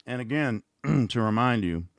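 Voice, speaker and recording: A man's voice: mid-range voice, expressive, slow, vocal fry, no echo, faint music behind. A middle-aged man hosting a casual livestream, talking in a sarcastic, rambling, mocking way. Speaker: host.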